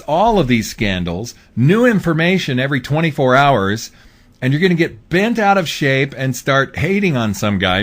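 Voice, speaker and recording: A man hosting his own show, talking through a political commentary monologue in a casual, rambling way with fillers. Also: mid-range voice. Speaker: host.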